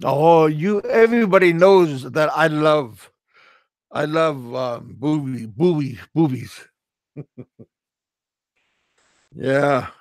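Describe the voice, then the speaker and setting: A middle-aged American expat vlogger rambles through a humorous monologue, stammering, repeating his words, and chuckling frequently. His voice is on the high side, slow with frequent pauses, and there's no room sound.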